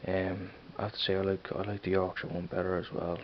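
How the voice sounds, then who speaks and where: An Irish vlogger with a Dublin accent rambles to camera in a hesitant, casual way, full of fillers and restarts. His low voice holds a level tone at a fairly quick pace. The camera mic gives dull lo-fi audio with faint hiss.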